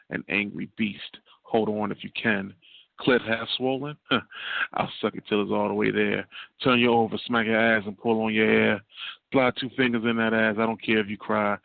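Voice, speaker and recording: A man's voice: fairly low pitch, creaky, dry recording. A man, a guest poet calling in by phone, performing spoken word with a rhythmic, repetitive cadence. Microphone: phone call. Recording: tinny, dry phone line.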